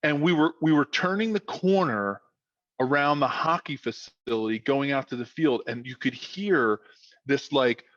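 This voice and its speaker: A man's voice: medium pitch, moderate pace, dry recording, dull audio. A man, a former football player telling a rambling podcast story full of fillers. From South Philadelphia. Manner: rambling, animated with many fillers. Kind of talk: casual storytelling.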